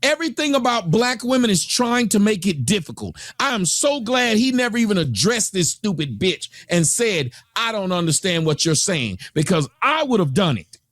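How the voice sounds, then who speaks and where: High, animated American man ranting. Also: moderate pace, few pauses, dry recording, clean studio sound. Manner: profane, scornful, repetitive. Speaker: reaction channel host. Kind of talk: ranting reaction commentary.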